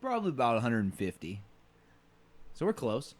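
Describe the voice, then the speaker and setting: A man's voice: mid-range voice, wildly swooping pitch, a little fast. A man co-hosting a podcast in casual chat, joking and laughing often, with many fillers. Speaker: podcast co-host.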